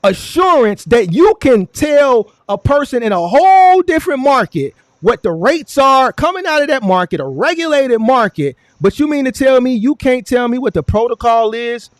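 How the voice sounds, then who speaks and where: A high-voiced man argues hotly on his stream, taunting his guest. He repeats himself insistently, his pitch swinging widely, and the sound is dry and close. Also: big pitch swings, moderate pace, no echo. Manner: mocking, repeats "sir" over and over. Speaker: stream host. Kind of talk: heated argument.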